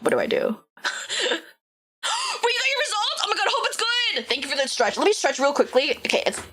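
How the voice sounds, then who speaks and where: Hyper, high-pitched young woman streamer. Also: huge pitch swings, fast, sharp tone. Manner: high-energy, rambling, swears, lots of "like". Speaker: VTuber streamer. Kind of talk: live game stream chat.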